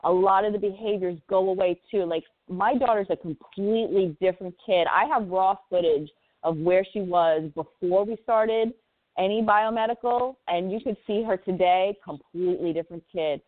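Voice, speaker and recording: A woman's voice: mid-range voice, normal speed, dry recording. A woman in her forties, a parent telling her story as a radio interview guest, earnest and impassioned, often repeating words for emphasis. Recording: tinny phone line, dry.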